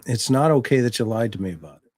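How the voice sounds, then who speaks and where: Older male guest, folksy and fatherly, mid-pitched voice, dry close sound. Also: quick pace, no echo. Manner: folksy, steady storyteller, fatherly. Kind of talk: casual chat.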